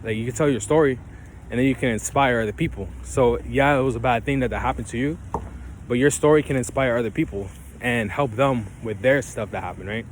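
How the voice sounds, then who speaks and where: A man's voice: medium pitch, a little fast, a little hiss or hum. A man vlogging outdoors and giving casual motivational advice, rambling loosely and often checking in with "right?" and "you feel me?". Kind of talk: casual motivational talk to camera. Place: outdoors, ground with leaves.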